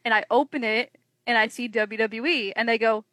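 Young woman, podcast guest, lively storyteller, higher voice, dry close sound. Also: normal speed, no room sound. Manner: animated, acts out quoted voices. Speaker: wrestling journalist guest.

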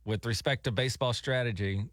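A man from the American South with a Southern accent, co-hosting a casual talk show with easygoing quick reactions. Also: medium pitch, a bit bright, dry recording, clean studio sound. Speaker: co-host. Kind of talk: casual radio chat.

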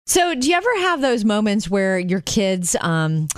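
A woman co-hosting a radio show in casual chat, telling stories in an animated way and laughing often. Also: mid-range voice, measured pace, smooth, no echo. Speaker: radio co-host.

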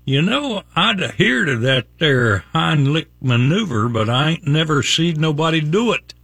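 An amazed, folksy hillbilly brother with a drawling backwoods dialect, as a radio host puts him on. The voice jumps up high from its usual register and the delivery stays dry and close to the mic. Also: male voice, sing-song, measured pace, vocal fry, a bit bright, slightly rough, dry recording, heavily acted.

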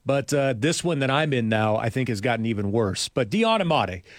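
A man's voice: mid-range voice, sing-song, moderate pace, no room sound. A man hosting a casual morning radio show in a studio, rambling and chuckling often.

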